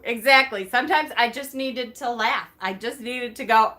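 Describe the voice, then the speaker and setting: Her voice sits high as she chats through her day at a normal speed, with few pauses. She's a vlogger with a casual, animated style who laughs frequently and mimics her own responses.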